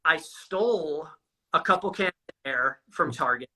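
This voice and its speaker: A man recounts his own experiences in loose, candid conversation. His voice sits a little high and sounds very bright and forward. He swears often and tosses "dude" into nearly every sentence. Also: lively intonation, unhurried, slightly rough, rough recording. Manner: casual and profane, says "dude" constantly. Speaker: guest sharing a recovery story.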